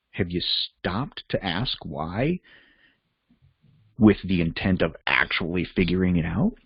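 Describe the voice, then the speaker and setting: A man's voice: deep voice, animated, takes it slowly, gravelly, husky, no room sound, muffled recording. A man hosting a reflective self-help talk, candid and conversational, thinking aloud as he goes. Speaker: podcast host and life coach.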